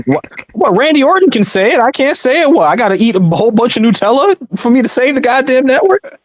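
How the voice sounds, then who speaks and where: A man co-hosting a wrestling podcast, ranting in exasperated, quick outbursts. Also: very high-pitched, slight background noise. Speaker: podcast co-host. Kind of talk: casual podcast banter.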